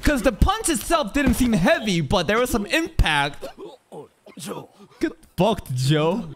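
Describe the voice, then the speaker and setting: A man reacts to an anime on a stream, swearing freely and laughing as he talks. His voice sits fairly high and swoops widely between low and high, and the show's music plays clearly behind him. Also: slow. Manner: excitable and profane, laughs often. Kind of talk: casual reaction commentary. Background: anime soundtrack music.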